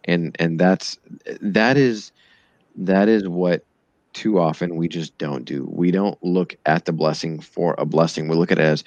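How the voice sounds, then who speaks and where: A very deep-voiced man talking in a calm, preachy way on a casual podcast. The sound is dry and close, with a slightly dull, muffled tone. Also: moderate pace, dry recording. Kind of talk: casual chat.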